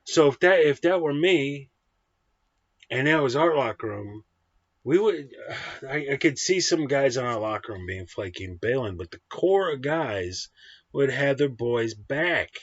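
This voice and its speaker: A man's voice: mid-range voice, lively intonation, a little slow, breathy edge, dry recording. A man giving a blunt, profane, combative film review in a casual ranting style. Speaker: movie reviewer. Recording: dull, dry lo-fi sound.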